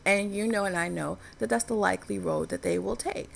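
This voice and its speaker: A woman's voice: medium pitch, a little fast, creaky, slight background noise. A woman vlogging in a candid personal commentary, telling a story in a frank, earnest way.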